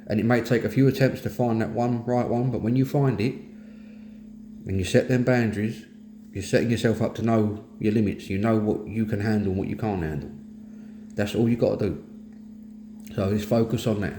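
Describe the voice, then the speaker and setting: A middle-aged East London man with a Cockney accent hosts a mental health talk, giving a candid personal monologue about his own mental health. His voice is on the low side and mellow, with fairly even intonation and a brisk pace, and he comes across as plain-spoken, earnest and blunt. The recording is from an echoey room with faint noise.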